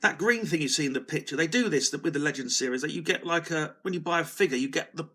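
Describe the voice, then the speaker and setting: A man's voice: fairly high pitch, fast talker, pushed and bright. A man hosting a casual solo video, rambling and self-deprecating as he talks, often restarting his sentences. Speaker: video host.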